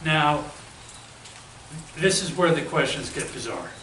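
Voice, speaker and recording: A man's voice: a little high, big pitch swings, takes it slowly, bright, forceful tone. A man hosting an interview, asking long rambling questions padded with fillers. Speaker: interview host. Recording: echoey, distant mic with faint noise.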